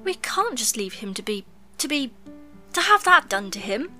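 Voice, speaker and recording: A woman's voice: a little high, big pitch swings, moderate pace, pushed and bright, soft background music, exaggerated voice. A woman voicing an eager, determined schoolboy in a storybook reading, urgent and tumbling.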